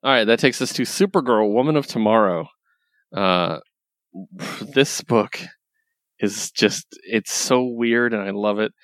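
A man's voice: lowish voice, unhurried, fairly bright tone, no echo, studio quality. A young man in casual chat, retelling a comic book story with lots of laughs and casual swearing. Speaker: podcast co-host reviewing comics.

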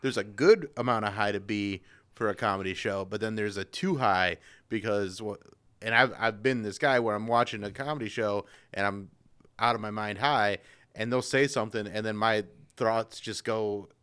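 A man appearing as a comedian guest on a podcast, telling rambling stories in a halting way. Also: lowish voice, a bit bright, clean tone. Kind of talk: casual chat.

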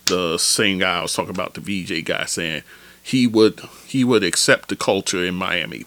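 A man hosting a solo basketball podcast, ranting in an animated, opinionated, slangy way. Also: deep voice, normal speed, dry recording. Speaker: podcast host.

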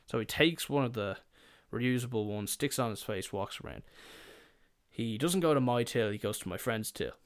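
A young man tells a shop story on his podcast in a loose, rambling way. He swears freely and pokes fun at himself, and his voice sits at a middling pitch. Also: lively intonation, normal speed, clean tone, no echo, studio quality. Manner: rambling, profane, self-mocking. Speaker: podcast host. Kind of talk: casual storytelling.

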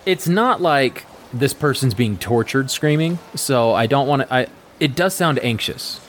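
A man's voice: mid-range voice, expressive, measured pace, a little hiss or hum. A man narrating a tabletop game as game master, describing scenes in a casual, slightly stammering way.

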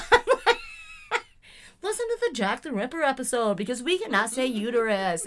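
Lively, bright-voiced woman podcast host. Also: on the high side, a little fast. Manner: giggly, animated storyteller acting out voices. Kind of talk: casual chat.

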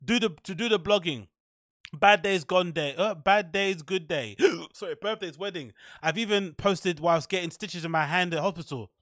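A man with a high-pitched voice hosts a solo podcast and mocks what he reads with dry sarcasm. He keeps breaking off with hiccups. The sound is close and dry, with no room echo. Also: moderate pace, fairly bright tone. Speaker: podcast host.

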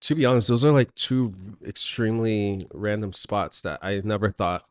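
A man's voice: lowish voice, normal speed, no room sound. A man co-hosting a podcast in a studio, laid-back and chatty, laughing often and trailing off mid-sentence. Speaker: podcast co-host. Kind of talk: casual chat.

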